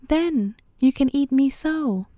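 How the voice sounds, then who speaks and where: A woman's voice: high-pitched, animated, slow pace, dark tone, no room sound, studio quality. Woman doing a sly sing-song little lamb. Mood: cheeky.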